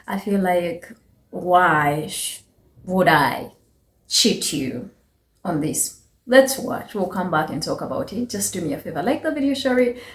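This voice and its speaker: A woman with a Ugandan accent hosting a reaction video, talking in a slow, measured, chatty way with pauses. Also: fairly low pitch, a little mellow, slight background noise. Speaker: channel host. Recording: echoey room.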